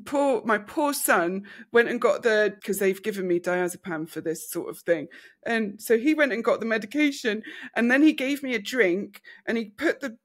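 A woman with a British accent, a podcast co-host telling a candid personal story, animated and laughing through hard memories. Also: fairly high pitch, moderate pace. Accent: British English.

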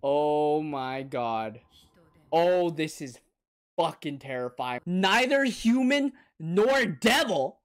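A man hosting an anime reaction, his pitch swinging wildly between low mutters and yelps. He talks slowly and drawn out, swears freely and calls out to the characters as if they could hear him. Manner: excitable, swears a lot, bursts into shouts and gasps. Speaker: anime reaction channel host. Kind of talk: live reaction commentary.

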